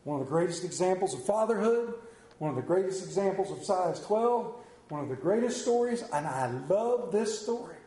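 A high-pitched man delivers a folksy sermon in a roomy, echoing church hall. He tells homely family stories and slips into squeaky kid voices to act them out. He sounds middle-aged. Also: animated, normal speed, dark tone. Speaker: pastor.

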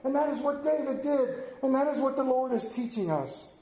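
A middle-aged man preaching a sermon, telling folksy stories and acting out family scenes in squeaky children's voices. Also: moderate pace, mellow, roomy sound, low-quality recording. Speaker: pastor.

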